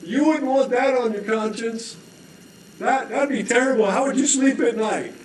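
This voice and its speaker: A man's voice: extremely high pitch, normal speed, a little hiss or hum, pitched above the performer's own voice. A man voicing a carefree, stubborn man who hangs from a rope, speaking cheerily and refusing to climb up. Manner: cheery, pleading, then coolly refusing. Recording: echoey room.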